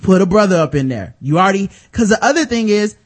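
A man in casual podcast chat, animated and profane, laughing often. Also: high-pitched, fast talker. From United States. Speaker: podcast co-host.

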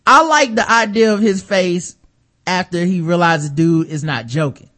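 A high-pitched man riffing in casual conversation, reading news items and breaking into animated quoted voices with loud laughs. He talks fast and playfully, cracking jokes between lines. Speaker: podcast co-host. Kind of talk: casual comedic chat.

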